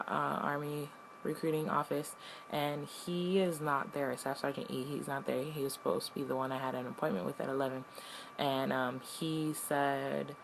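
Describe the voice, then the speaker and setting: A woman's voice: low voice, vocal fry, slight background noise, low-quality recording. A woman in her twenties telling a story in a casual vlog, retelling conversations in a chatty way with lots of "he was like". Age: 20s. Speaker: vlogger.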